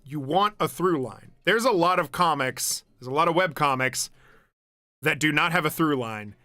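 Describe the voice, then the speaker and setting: A man's voice: fairly high pitch, lively intonation, normal speed, sharp tone, dry recording. A young man streaming and chatting casually, rambling, laughing often and swearing freely. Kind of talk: casual chat. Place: home streaming setup.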